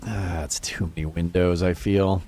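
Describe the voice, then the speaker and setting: A low, mellow male voice with a steady tone and moderate pace, set against soft background music. He's streaming a game and casually chatting with viewers, rambling, swearing freely and laughing often.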